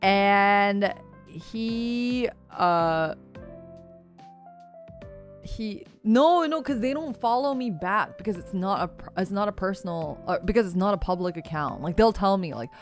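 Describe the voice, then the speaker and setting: A woman's voice: mid-range voice, lively intonation, unhurried, soft background music. A young adult woman streamer in casual chat, rambling and gushing, laughing often and swearing freely.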